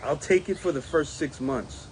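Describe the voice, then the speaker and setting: A man who is a union steward, giving a casual spoken report, animated and laughing often, mimicking others in a raised voice. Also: a little high, normal speed, a little hiss or hum.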